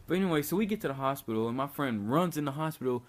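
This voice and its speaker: A fairly high male voice comes rapid-fire and expressive from a young vlogger casually telling a story. He's easygoing, keeps saying "like," and swears freely, with faint noise in the background.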